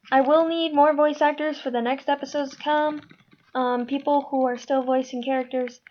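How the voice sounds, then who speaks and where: A woman explaining a casting call to her viewers in a casual, rambling way, full of ums and trailing asides. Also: on the high side. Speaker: creator running a casting call. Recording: dull lo-fi home mic.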